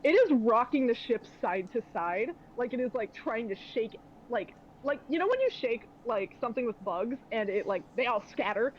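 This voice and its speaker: Young woman game master, rambling, filler-heavy, higher voice, dull lo-fi sound. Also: expressive, normal speed, hardly any pauses, slight background noise. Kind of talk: narrating a tabletop game. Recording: dull lo-fi audio.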